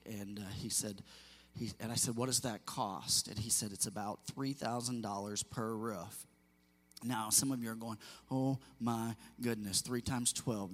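A male pastor delivers a sermon in a church sanctuary, speaking earnestly and with feeling. He often stumbles, repeats words and restarts his sentences. His voice sits at a middle pitch and carries a long, echoing reverb from the hall.

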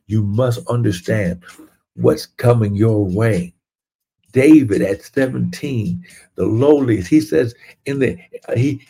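Male preacher on a livestream, fervent and repetitive, husky low voice. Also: warm tone. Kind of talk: livestreamed sermon.

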